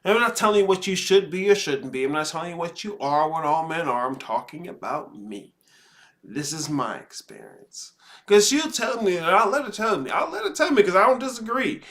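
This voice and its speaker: A man hosting, giving slow, reflective commentary with sighs and pauses. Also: on the high side, expressive, bright, forceful tone. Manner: slow, deliberate, sighing pauses. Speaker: host commenting on a podcast clip.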